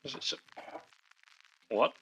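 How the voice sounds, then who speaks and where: A man's voice: slow, a bit bright. A man playing a professor in a tabletop game, firing off clipped, urgent questions over a dull, noisy recording. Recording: dull lo-fi with background noise.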